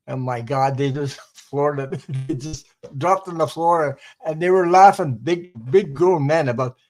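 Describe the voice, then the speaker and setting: An older French Canadian man speaks unhurriedly in a fairly high, darkish voice over poor audio. As a guest in a casual storytelling chat, he rambles through funny anecdotes and laughs at his own tales.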